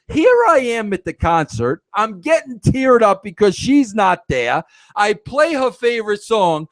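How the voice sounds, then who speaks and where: A middle-aged man hosting a podcast, telling a story in an animated, self-mocking way with stammering restarts. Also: high voice, moderate pace, no room sound. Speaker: podcast host. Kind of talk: casual storytelling monologue.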